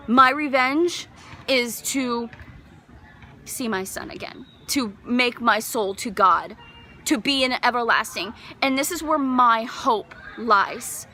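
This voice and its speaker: A woman's voice: on the high side, lively intonation, slow pace, bright, forceful tone, a little hiss or hum. A bereaved mother giving a personal faith testimony, earnest and emotional, rising to fervent conviction.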